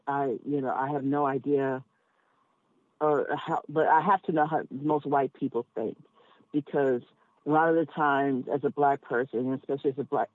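A woman cab driver speaks candidly as a podcast guest, working through her thoughts aloud with many asides and pointed emphasis. Her voice comes over a narrow, phone-like line. The sound is dry and close, with no room echo. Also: sits low.

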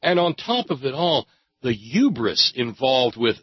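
Husky sarcastic ranting man. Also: medium pitch, very animated, a little slow, no echo, highs cut off. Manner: sarcastic, angry, swears freely. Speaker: political commentator. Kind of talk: ranting commentary.

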